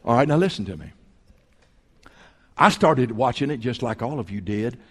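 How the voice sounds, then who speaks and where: A man preaching a sermon as pastor, telling folksy stories and swinging between loud and hushed. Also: mid-range voice, animated, moderate pace, slightly rough, in a large hall. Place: church sanctuary.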